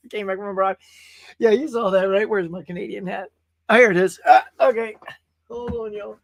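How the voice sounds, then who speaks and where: A man's voice: high voice, moderate pace, a bit bright, dry recording, clean studio sound. A man hosting a casual livestream show, chatting in a rambling way and reading viewer messages aloud. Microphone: webcam stream setup.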